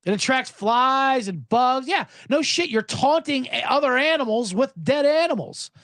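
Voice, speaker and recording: Recorded with clean studio sound and no room echo, a man with a very high-pitched voice hosts a podcast at a moderate pace. His comedic rant is animated and sarcastic, full of swearing and snippy acted-out exchanges.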